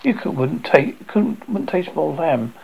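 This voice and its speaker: A man voicing a sharp-tongued, sarcastic older mother who scolds her grown son, in a storybook reading. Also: fairly high pitch, sing-song, measured pace, gravelly, slightly rough, full character voice, poor audio. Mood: fond.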